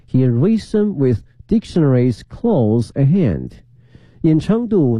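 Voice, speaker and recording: Dark-voiced man reading radio feature. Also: on the high side, no echo, poor audio. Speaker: radio presenter. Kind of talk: scripted radio narration.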